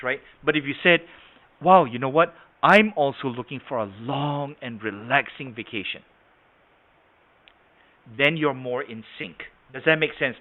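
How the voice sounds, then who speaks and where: A man leading an online sales training session, demonstrating points and often checking whether the audience follows. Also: medium pitch. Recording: tinny phone-like online call audio.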